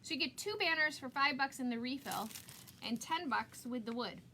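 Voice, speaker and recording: A woman's voice: sits high, moderate pace, pushed and bright, a little hiss or hum. A middle-aged woman hosting a casual live craft demo, chatty and self-mocking, laughing at herself often.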